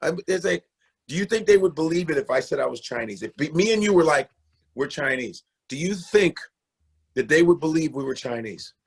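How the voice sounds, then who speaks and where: A man's voice: on the high side, brisk, slightly rough. A Nigerian-born man, a comedian guest, riffing loosely and profanely, acting out mocking voices. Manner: animated, swearing, acts out mocking voices.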